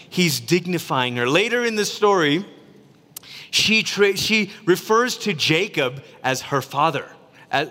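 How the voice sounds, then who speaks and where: A man from Malaysia preaching a sermon in a lively, conversational way, acting out quotes as he goes. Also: sits high, big-room sound. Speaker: pastor.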